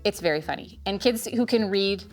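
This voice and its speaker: Chatty mom reviewing kids' gifts. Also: female voice, medium pitch, brisk. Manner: chatty, earnest, candid. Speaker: parent vlogger recommending gifts. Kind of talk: casual review vlog. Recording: faint music behind.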